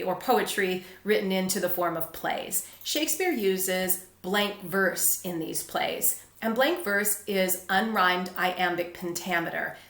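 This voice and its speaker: A woman teaching a literature lesson, explaining patiently and clearly. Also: on the low side, bright, forceful tone, roomy sound. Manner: clear, patient explaining, with brief read-aloud quotes.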